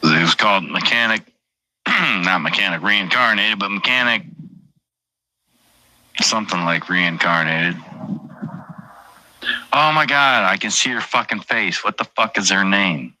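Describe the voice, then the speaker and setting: A man's voice: on the low side, unhurried, long pauses, bright, forceful tone, dry recording. A middle-aged man hosting a livestream, rambling and swearing casually while reading out chat names. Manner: profane, rambling, reads chat aloud. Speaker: livestream host.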